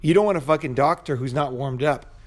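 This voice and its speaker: A man's voice: mid-range voice, fairly quick. A man vlogging a casual, rambling personal story, swearing freely and checking in with "you know" and "right?". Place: Bangkok.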